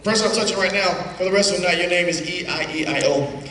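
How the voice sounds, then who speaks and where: A man's voice: high-pitched, fast, sharp tone. A male stage hypnotist giving repetitive, playful commands to volunteers during a live show. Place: theater stage before a live audience. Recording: echoey hall from far off with crowd.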